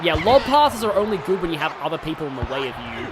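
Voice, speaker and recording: A game streamer giving excitable live commentary, often yelling at the game and wandering into chatty asides with lots of fillers. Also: medium pitch, fast, heavy background noise. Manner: excitable, talks to the game, yells at big moments; rambling asides with many fillers. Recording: game music playing loud under the voice. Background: game music.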